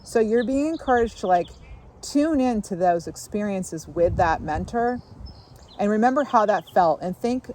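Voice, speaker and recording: A woman giving a casual tarot reading, musing aloud in a relaxed way and often pausing on fillers as she takes in impressions. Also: mid-range voice, a little hiss or hum. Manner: musing, intuitive, many fillers and asides. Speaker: tarot reader. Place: outdoors.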